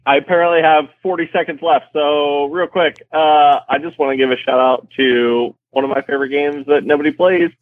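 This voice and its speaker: A man's voice: a little high, steady tone, fairly quick, hardly any pauses, no room sound. A man calling in to a podcast, talking hesitantly and in a rush. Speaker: caller. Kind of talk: casual chat. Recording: tinny phone line.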